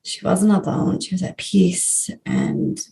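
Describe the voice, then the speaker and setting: A woman in her thirties, a grief coach, telling her story in a podcast interview, earnest and warm, with soft laughs between sentences. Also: lowish voice, huge pitch swings, slow, creaky. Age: 30s.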